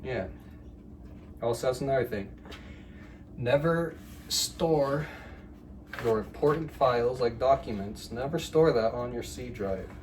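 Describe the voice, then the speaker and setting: A man chats casually while he cooks, rambling and joking through his story, his voice at a middle pitch. His phone is set some way off, so he sounds distant, and a clear hum of room ambience runs under his talk. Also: unhurried, pauses often. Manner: rambling, chatty, jokey storytelling with fillers. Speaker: vlogger.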